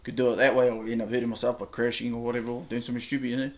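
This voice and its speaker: A man's voice: level tone, racing, a little mellow. Blunt, swearing New Zealand man. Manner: blunt, heavy swearing, slangy, low-key. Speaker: interviewee. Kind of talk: candid personal story, casual chat.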